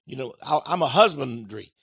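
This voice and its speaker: A male preacher voicing an eager man who stammers through his skills, slightly lower than his own voice. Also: animated, moderate pace, a bit bright, breathy edge, no room sound. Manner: pleading, listing skills with stammers.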